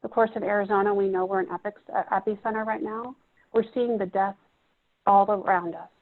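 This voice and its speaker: A woman's voice: mid-range voice, fairly even intonation, brisk. A woman gives a reflective teaching talk to a room of therapists, putting questions to the audience. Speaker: presenter at a training. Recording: muffled phone-like audio.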